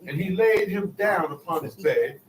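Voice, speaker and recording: Male scripture reader, a bit high, distant echoey recording with faint noise. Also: normal speed. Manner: reads archaic verses in a steady tone. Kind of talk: reading scripture aloud.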